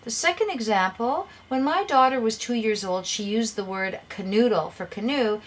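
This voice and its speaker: A woman's voice: fairly high pitch, moderate pace. A middle-aged woman teaching an English grammar lesson, explaining patiently and sometimes repeating words as she goes.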